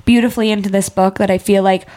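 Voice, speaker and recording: A woman's voice: mid-range voice, steady tone, quick pace, dark tone. A woman in her twenties co-hosting a podcast in candid, casual chat, full of fillers and sounding congested. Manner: open and candid, many "like" fillers. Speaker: podcast co-host.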